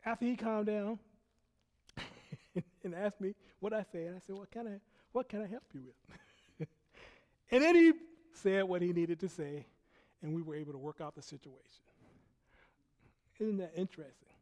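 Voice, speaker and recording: A man preaching a sermon, telling a personal story in an animated way, laughing often and dropping from loud bursts to hushed quiet. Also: high-pitched, measured pace, long pauses. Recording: long hall reverb.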